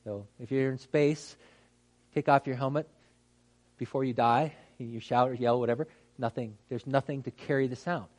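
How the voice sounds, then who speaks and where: A pastor gives a conversational teaching talk, animated and lively as he acts out how words get mispronounced. He uses many fillers and restarts, speaking at a moderate pace in a mid-range voice.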